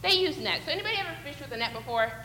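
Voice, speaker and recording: Leading a children's Bible lesson in church, a woman speaks rapid-fire in a high-pitched, animated, bright and forceful voice, playfully coaxing the kids while acting out a fishing story. The big sanctuary adds long, echoey reverb, plus a little hiss or hum.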